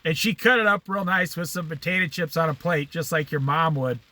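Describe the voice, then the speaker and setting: A man's voice: on the high side, brisk. A middle-aged man telling a casual story, acting out the people in it with a raised voice and laughing at his own tales. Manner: animated, acts out quotes with a raised voice. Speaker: vlogger.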